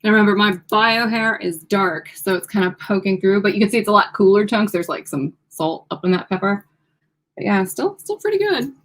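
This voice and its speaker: An upbeat woman co-hosts a relaxed livestream from a home studio. She chats easily and giggles often while she models and describes wigs. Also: medium pitch, fairly quick. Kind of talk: casual livestream product demo.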